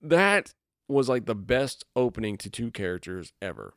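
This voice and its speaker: A man co-hosting a casual movie chat, animated and given to acting out quotes from scenes. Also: medium pitch, moderate pace, dry recording, studio quality. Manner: animated, acts out quotes in a raised voice. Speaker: podcast co-host.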